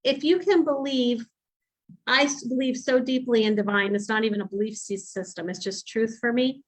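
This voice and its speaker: A woman's voice: a little high, moderate pace, poor audio. A woman talking casually and earnestly about her beliefs. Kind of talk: casual chat.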